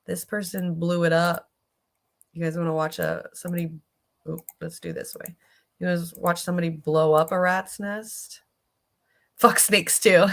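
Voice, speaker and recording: Woman streamer, casual reaction chat, slow delivery, lowish pitch, sympathetic and foul-mouthed. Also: fairly even intonation, fairly bright tone. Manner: chatty and sympathetic, swears freely.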